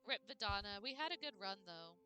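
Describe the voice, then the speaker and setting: A woman's voice: medium pitch, expressive, fairly quick, pushed and bright, soft background music. A woman streamer chatting casually and playfully with her chat during a game, breaking into baby talk for her dog.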